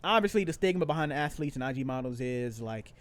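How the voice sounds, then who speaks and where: A man's voice: medium pitch, expressive, quick pace. A young man co-hosting a podcast, talking in slangy casual chat with lots of repeats and restarts. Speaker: podcast co-host.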